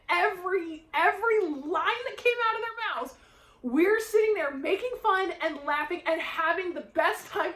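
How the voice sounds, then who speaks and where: A woman book vlogger chatting casually, rambling into animated stories and laughing often. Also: very high voice, reverberant, poor audio. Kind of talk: casual chat.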